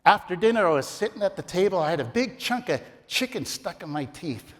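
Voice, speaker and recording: A middle-aged man with a high voice, lively intonation and a fairly quick pace competes with a theatrical, comic story speech. The recording echoes with the reverb of a large ballroom.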